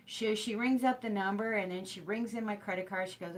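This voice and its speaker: A woman's voice: mid-range voice, brisk, a little hiss or hum. A middle-aged woman hosting a hooping show, chatting casually to a live stream and telling a rambling story full of fillers and restarts.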